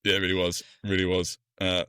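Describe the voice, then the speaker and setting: A man's voice: low voice, a little fast, smooth, dry recording, studio quality. A man, a podcast co-host chatting casually and animatedly through a film recap. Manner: animated storytelling, slips into funny voices. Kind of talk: casual film review chat.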